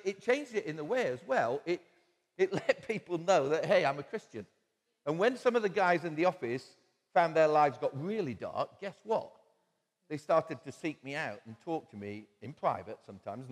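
A man preaching a sermon in a church, telling stories conversationally with quoted asides and chuckles. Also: a little high. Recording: long church-hall reverb.

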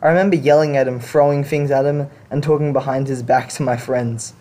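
A man's voice: mid-range voice, steady tone, fairly quick, mellow. A man hosting a show, reading confession stories aloud and reacting to them in blunt, casual talk with some swearing. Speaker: podcast host reading stories.

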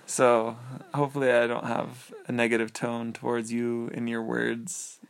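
A man's voice: medium pitch, completely flat delivery, measured pace, gravelly. A young man in a casual chat, easygoing, laughing along and explaining things.

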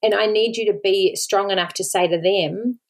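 Earnest Australian mum with a gravelly edge. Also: female voice, medium pitch, steady tone, moderate pace. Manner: earnest, pleading, repeats words for emphasis. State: emotional, near tears. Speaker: podcast host. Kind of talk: solo podcast talk.

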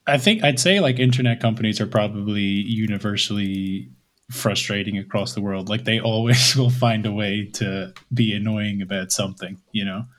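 A young man hosting a casual podcast, relaxed and loose, often filling his sentences with "like" and trailing off quietly. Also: fairly low pitch, normal speed. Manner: relaxed, leans on "like", trails off softly. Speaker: podcast host.

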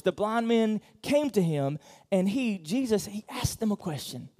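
A man in the pulpit delivering a sermon with a voice pitched a little above the usual male range. His talk is loose and conversational, full of fillers and restarts. He shifts from loud emphatic bursts to quiet, close asides. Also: expressive, a little slow. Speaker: pastor. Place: church auditorium.

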